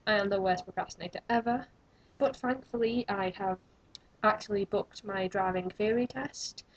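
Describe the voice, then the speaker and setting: A young woman rambles cheerfully to her webcam, joking at her own expense. Her voice is husky and sits in a middle register. The sound is dull and lo-fi, as from a built-in camera mic. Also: mid-range voice, moderate pace. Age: young adult. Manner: rambling, self-mocking, chatty. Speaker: vlogger. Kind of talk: rambling casual vlog.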